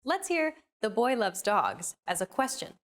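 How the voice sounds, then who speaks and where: A woman narrating a scripted language lesson in a clear, upbeat, explaining manner. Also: on the high side, big pitch swings, a little slow.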